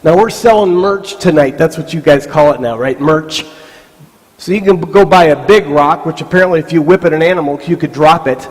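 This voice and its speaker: Animated high-voiced man in a reverberant hall. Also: a little fast. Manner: animated storytelling with voiced asides. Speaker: motivational speaker. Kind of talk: live motivational talk to a youth camp. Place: large hall with live audience. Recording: stage mic in a reverberant hall.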